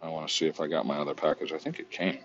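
A man's voice: extremely low pitch, steady tone, racing, lo-fi sound, slight background noise. A man vlogging in a casual, rambling, profane way while browsing online, often mocking himself.

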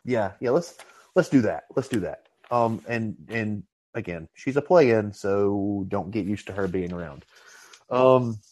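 Lowish-voiced male podcast host. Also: animated, a little slow, a little mellow. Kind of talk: casual chat.

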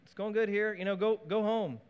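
A man's voice: high voice, steady tone, brisk, clear, resonant tone, muffled recording, pitched above the performer's own voice, natural voice. A preacher voicing a scheming ancient king who coaxes his soldier in a breezy, casual way. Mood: coaxing. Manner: breezy, coaxing.

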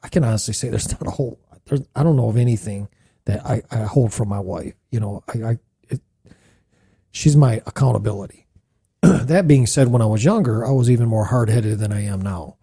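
Man, middle-aged, husky, church podcast host, lively rhetorical questions. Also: on the low side, a little fast. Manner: animated, playful, asks rhetorical questions.

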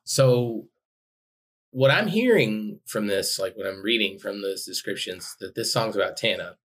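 A man's voice: lowish voice, expressive, measured pace, fairly bright tone, slight background noise. A man co-hosting a podcast, chatting casually, reading descriptions aloud, and making dry teasing remarks. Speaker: podcast co-host.

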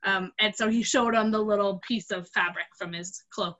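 An adult woman telling a Bible story to kids and leading a group talk, acting out the characters with a lively voice. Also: mid-range voice, moderate pace, poor audio. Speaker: youth group leader.

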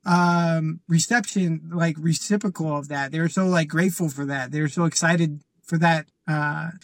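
A man, a podcast guest, telling a personal story in an earnest, halting way with fillers and restarts. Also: on the high side, steady tone, dry recording. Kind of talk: casual storytelling.

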